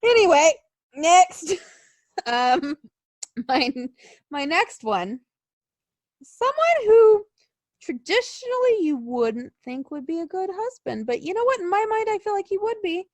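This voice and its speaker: A woman's voice: very high voice, very animated, unhurried, pauses often, no room sound. A woman co-hosting a podcast in casual chat, gushing and giggly, swearing now and then. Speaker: podcast co-host.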